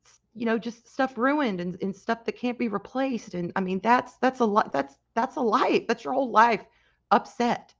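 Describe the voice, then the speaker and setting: Emotional woman on a lo-fi livestream. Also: fairly high pitch. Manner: halting, emotional, with many restarts; reads and answers chat comments. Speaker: livestream host. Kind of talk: casual livestream chat.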